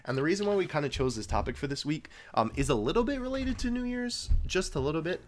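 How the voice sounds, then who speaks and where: A man's voice: on the high side, very animated, quick pace, a little hiss or hum. Young man co-hosting a gaming podcast. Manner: laughs often, trails off with fillers. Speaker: podcast co-host. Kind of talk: casual gaming podcast chat.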